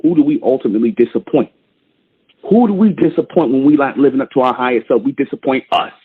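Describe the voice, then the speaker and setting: A man's voice: mid-range voice, fast talker, husky. A man hosting a call-in show, preaching in an emphatic, repetitive cadence. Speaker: show host. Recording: tinny phone-line audio.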